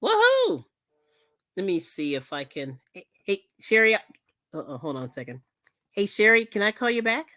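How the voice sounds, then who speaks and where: A woman's voice: fairly low pitch, expressive, normal speed, pushed and bright. A woman hosting a casual live stream, chatting, laughing often and thanking viewers as she crafts. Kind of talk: casual chat while crafting.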